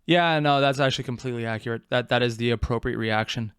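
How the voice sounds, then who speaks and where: A man with a clear, resonant, medium-pitched voice talks fast in a dry, studio-quality recording. Hosting a reaction video, he is animated and sarcastic, rambling into asides, mocking himself and swearing freely.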